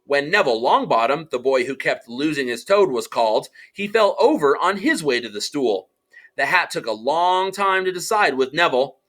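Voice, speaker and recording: Animated, bright-voiced male audiobook narrator. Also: fairly high pitch, moderate pace. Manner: animated storytelling, does character voices.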